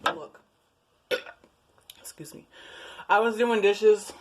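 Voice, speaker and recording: A woman's voice: mid-range voice, takes it slowly, a little mellow, rough recording. A woman vlogging casually to camera from her home, chatty, giggly and rambling. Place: at home, indoors.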